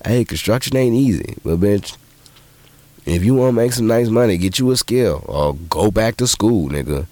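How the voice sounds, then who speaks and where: Male podcast host, low voice, dry close sound, profane animated storyteller with sudden high-pitched quotes. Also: moderate pace, no room sound. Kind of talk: casual monologue.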